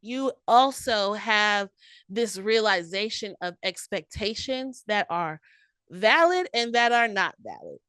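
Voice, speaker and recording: A woman's voice: medium pitch, big pitch swings, slow, fairly bright tone, smooth, no room sound. A young adult woman hosting a podcast, giving casual, direct relationship advice and calling the listener honey and baby. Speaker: podcast host.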